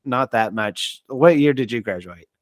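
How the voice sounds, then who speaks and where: A man's voice: mid-range voice, animated, a little slow, no echo, studio quality. A man hosting a podcast, friendly and a little hesitant, with many fillers and restarts. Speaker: podcast host. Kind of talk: casual chat.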